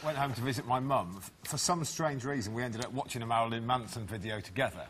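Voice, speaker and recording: A man guesting on a comedy panel show, telling a deadpan anecdote. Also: medium pitch, quick pace. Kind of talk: comic anecdote.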